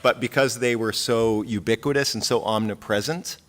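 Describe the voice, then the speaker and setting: A man's voice: mid-range voice, fairly even intonation, moderate pace. A man speaking as defense counsel on a panel, laying out his points in a methodical, formal way. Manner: methodical, structured, formal word choice. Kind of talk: prepared panel talk.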